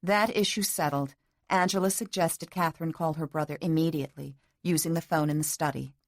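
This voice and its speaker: A woman narrating a romance audiobook in a measured, even storytelling manner on a close mic. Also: deep voice, no echo. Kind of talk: scripted narration.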